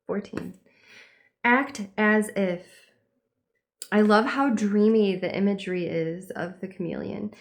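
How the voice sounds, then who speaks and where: A woman's voice: medium pitch, takes it slowly, gravelly, long pauses. A young woman giving a casual spiritual reading, meandering and dreamy, with lots of fillers. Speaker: tarot and horoscope reader.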